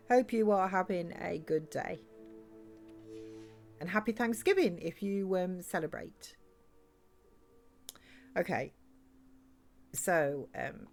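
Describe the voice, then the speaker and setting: A woman's voice: medium pitch, sing-song, a little slow, long pauses, soft background music. A woman chatting and giggling while livestreaming a video game. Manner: chatty, giggly, reads chat aloud. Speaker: game streamer. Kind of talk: live let's-play chat.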